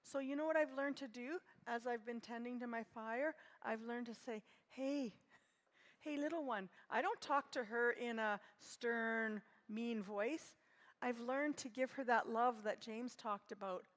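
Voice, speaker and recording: Woman, 60s, gentle reflective speaker; high-ish voice, reverberant hall. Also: a little slow. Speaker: conference speaker. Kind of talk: personal talk at a conference.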